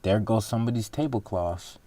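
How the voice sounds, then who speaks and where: A man's voice: on the low side, fairly quick, loud music behind the voice. A man hosting a reaction video, talking casually and rambling through his thoughts with frequent self-corrections.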